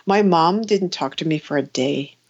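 A woman in casual podcast chat, animated and laughing a lot, often trailing off mid-thought. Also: low-pitched, normal speed, breathy edge. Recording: dull lo-fi sound.

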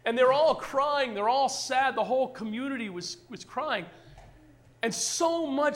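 A male pastor preaching with a notably high voice. He talks to the congregation in an easy, conversational way, sprinkling in "man" and repeating phrases. His delivery moves between hushed, soft passages and stronger, emphatic ones. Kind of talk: sermon.

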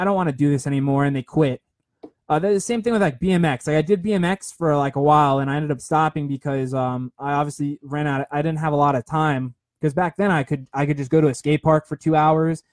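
A young man delivers a casual, rambling monologue, sharing a motivational story. He repeats himself and keeps checking in with "right?". His voice is slightly high and a little mellow, in a dry recording.

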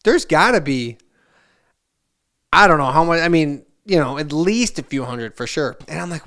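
A man in his forties, a podcast co-host, speaks at a moderate pace in a slightly high voice. He tells a long, winding family story in casual chat, full of asides and restarts, with an animated delivery. He loudly acts out his relatives' lines, shifting voices for each.

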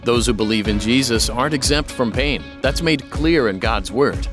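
A man gives a scripted ministry announcement in a calm, reassuring voice at a middle pitch. Music plays clearly beneath his words. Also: moderate pace. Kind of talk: scripted narration.

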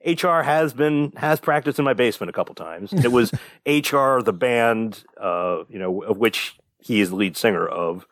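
This young man co-hosts a podcast and chats casually, wandering through a story packed with fillers and the odd curse. His medium-pitched voice is a bit bright and moves at a moderate pace, recorded at studio quality without echo.

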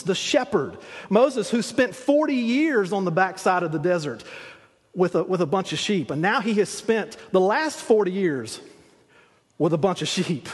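Preacher, male, high husky voice, folksy storytelling sermon, long hall reverb. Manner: retells scripture as vivid, conversational storytelling with frequent restarts.

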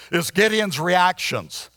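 A pastor preaching an evening sermon in church, often clearing his throat and restarting his sentences. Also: sits high, sharp tone, no room sound.

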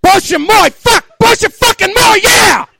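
A foul-mouthed young woman, put on by a man reading aloud, with a voice pushed way up high. She yells her lines loudly and crudely. The voice is recorded close and dry. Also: very animated, normal speed, vocal fry, no echo, full character voice. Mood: yelling. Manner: yelling, crude, high-pitched.

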